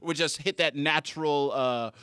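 Bright-voiced young man, joking podcast host. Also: on the high side, normal speed, clear, resonant tone, no room sound, studio quality. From Canada. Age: young adult. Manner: joking, laughs often, swears casually. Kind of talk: casual podcast chat. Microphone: studio mic.

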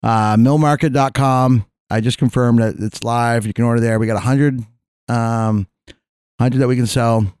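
A man's voice: medium pitch, steady tone, moderate pace, a little mellow, smooth, no room sound, studio quality. A man co-hosting a podcast in casual, profane banter, laid-back and stammering through restarts. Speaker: podcast co-host.

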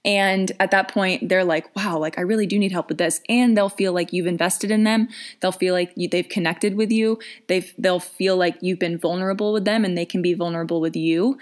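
Young female coach, slightly low voice, casual and chatty, filler-heavy vlog delivery. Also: fairly even intonation, moderate pace. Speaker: business coach.

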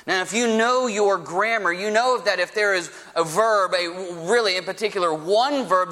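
A man preaching a sermon as pastor, with a lively storytelling manner and folksy asides. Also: high voice. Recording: preached in a reverberant hall.

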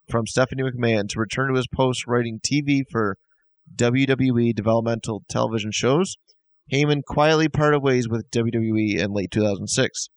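A man co-hosting a podcast, reading a summary aloud in a steady, matter-of-fact way, then chatting. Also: mid-range voice, dry recording, poor audio. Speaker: podcast co-host.

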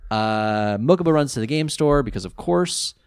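A man co-hosting a casual podcast recap, animated, joking and sarcastic. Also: medium pitch, moderate pace, smooth, dry recording, studio quality. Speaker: podcast co-host.

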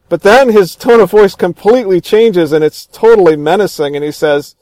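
A man with a fairly high voice, talking casually and eagerly about a favorite film. He retells scenes with relish, often restarting his sentences. The sound is close and dry. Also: normal speed, darkish tone, dry recording. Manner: enthusiastic retelling, acts out quoted lines; frequent restarts and fillers.

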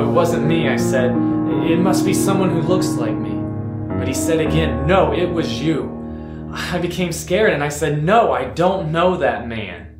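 A man with a natural, mid-range voice plays a remorseful fisherman disciple recalling his denial. His dramatic first-person monologue is halting, stammering, and emotional, delivered over loud guitar music in a roomy-sounding space.

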